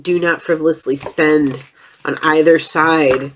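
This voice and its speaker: A woman's voice: sits low, fairly even intonation, measured pace, a little hiss or hum. A woman giving a casual tarot reading, chatty and blunt, with a stuffed-up nose. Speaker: tarot reader.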